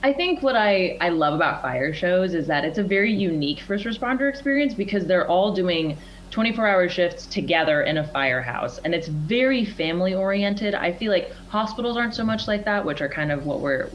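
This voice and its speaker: A young woman with a low voice answers interview questions. She speaks earnestly and thoughtfully and laughs easily. A faint hum runs under the recording. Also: animated, brisk, dull audio. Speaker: actress guest. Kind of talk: interview conversation.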